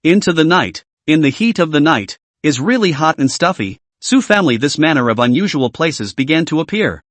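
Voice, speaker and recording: A man narrating a comic story recap with lively storytelling. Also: fairly high pitch, no room sound.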